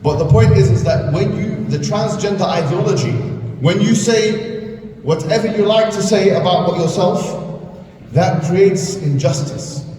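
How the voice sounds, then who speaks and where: A man gives a lively talk to school students, slipping into little acted-out exchanges and firing questions at the crowd. His voice sits a touch high and sounds distant from the mic. A long, echoing hall reverb and steady background noise surround him. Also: a little slow. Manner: animated storytelling, acts out dialogue, quizzes the audience. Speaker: guest speaker at a school.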